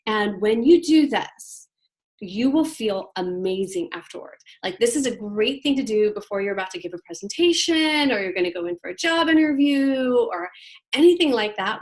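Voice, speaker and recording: A woman's voice: fairly high pitch, animated, moderate pace. Give me a chatty woman leading a workshop. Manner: casual and chatty, with many fillers; demonstrates breathing exercises aloud. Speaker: women's leadership workshop leader. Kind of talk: guiding a group class.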